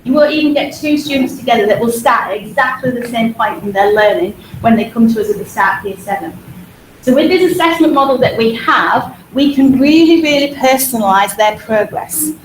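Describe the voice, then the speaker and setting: A woman with a Hull accent, a music teacher talking quickly and energetically to parents at a school information evening. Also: fairly high pitch, slight background noise. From Hull, England. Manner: fast-talking, energetic, repeats words for emphasis. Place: school hall. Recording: echoey hall.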